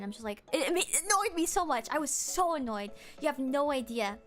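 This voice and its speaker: A woman's voice: high voice, animated, moderate pace, a bit bright, soft background music. A young woman streamer casually ranting to her chat, rambling with lots of fillers and quoting what others said.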